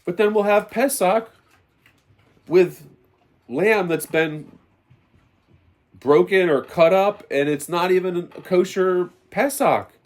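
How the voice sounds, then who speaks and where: A man's voice: sits high, takes it slowly, pauses often. A man giving an impassioned spoken testimony as a religious teacher, preaching emphatically and repeating phrases for stress.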